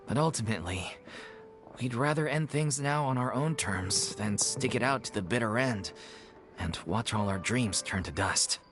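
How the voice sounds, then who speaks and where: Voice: medium pitch, expressive, moderate pace, a bit bright, faint music behind, lightly acted. A voice actor playing a weary, resigned member of a struggling theater troupe in a video game.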